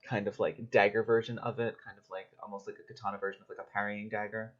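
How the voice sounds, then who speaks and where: A man with a fairly low voice narrates a tabletop game as game master, talking fast in a flat delivery. He hesitates often and fills gaps with "like" and "um," on a dull, lo-fi recording.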